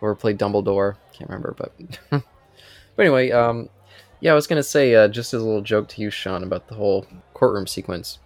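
A man's voice: fairly low pitch, fairly quick, no room sound. A man co-hosting a casual film podcast, rambling through chatty asides and laughing. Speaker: podcast co-host.

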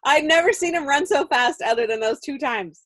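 A woman's voice: high-pitched, brisk, no room sound. Woman cohost telling a funny story, laughs a lot, voice jumps all over, super dry close sound. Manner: animated storytelling with frequent laughter. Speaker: podcast co-host. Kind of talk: casual chat.

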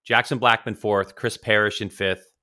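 Rambling man with a bright voice. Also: on the low side, fairly even intonation, moderate pace. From California. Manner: rambling storyteller, teasing. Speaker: podcast co-host. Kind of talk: casual chat about motorcycle racing.

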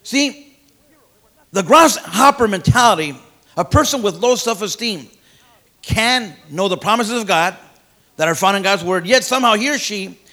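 A man with a high, bright, forceful voice preaches a sermon in a folksy manner, tripping over fillers and repeating words before building to loud, emphatic declarations. He's animated, speaks at a moderate pace, and pauses often.

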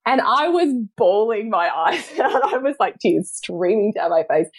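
Gravelly-voiced woman telling a heartfelt story. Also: medium pitch, expressive, unhurried, dry recording. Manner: earnest and emotional, with soft laughs. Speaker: podcast guest, mother of three.

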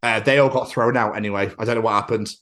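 A man, co-hosting a podcast in casual chat, excitable and sweary, acting out quotes. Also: lowish voice, fast. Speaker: podcast co-host.

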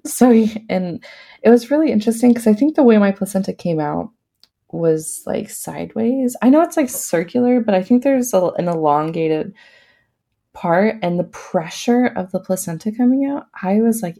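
A woman's voice: mid-range voice, lively intonation, moderate pace, dark tone. A woman guest on a podcast, telling a personal story casually, with many fillers and frequent laughs. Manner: laughs often while talking.

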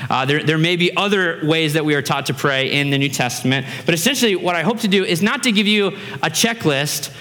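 A man in his thirties preaching a sermon as pastor, conversational and animated, acting out little voices in his stories. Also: a little high, a little fast, few pauses. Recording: reverberant hall.

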